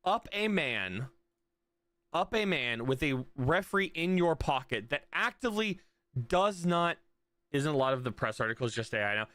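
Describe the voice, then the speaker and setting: A man's voice: on the high side, big pitch swings, moderate pace, bright, forceful tone, no room sound. A man streaming live, ranting at his viewers after a soccer match in an exasperated, profane way, and trailing off in mutters between points. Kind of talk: live stream reaction rant.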